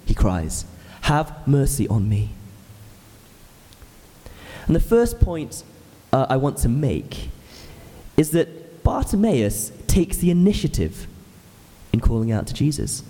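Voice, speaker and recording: A man's voice: fairly high pitch, mellow, breathy edge, long reverb tail. A man in his thirties, an ordinand, preaching a sermon in a church with earnest, explanatory storytelling. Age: 30s.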